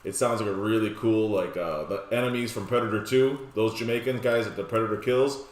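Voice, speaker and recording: A man casually walking through a card game deck, rattling off long lists of cards with relaxed, joking asides. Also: fairly low pitch, brisk. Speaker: deck tech presenter. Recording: roomy echoey room.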